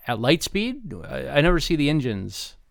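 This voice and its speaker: A man's voice: a little high, very animated, normal speed, vocal fry, no room sound, clean studio sound. A man co-hosting a podcast, telling corny jokes and laughing often in casual banter. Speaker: podcast co-host.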